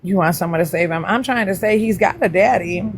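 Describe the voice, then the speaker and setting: A woman chatting casually with viewers on her livestream, greeting them by name and teasing them playfully. Her voice jumps up high whenever she welcomes someone. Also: a little fast, slight background noise. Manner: pitch jumps up high when greeting people. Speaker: livestream host.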